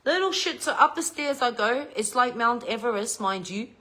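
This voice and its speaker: Woman, Australian accent, middle-aged, bright voice, casual home vlog, swears a lot. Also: fairly high pitch, animated, normal speed. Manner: chatty, swears freely. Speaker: vlogger. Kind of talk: casual storytelling to viewers.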